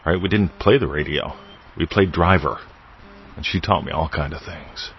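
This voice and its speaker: Over a muffled recording, a man hosting a podcast gives a casual spiritual teaching monologue in a loose, playful style with wordplay and asides. He has an extremely low, creaky voice and talks at normal speed.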